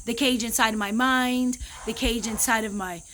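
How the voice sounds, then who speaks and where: Woman, 30s, high voice, emotional vlogger, earnest and rambling with restarts. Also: fairly even intonation, normal speed, bright, forceful tone, slight background noise. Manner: heartfelt, rambling, with many restarts. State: emotional, near tears. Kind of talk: emotional personal vlog.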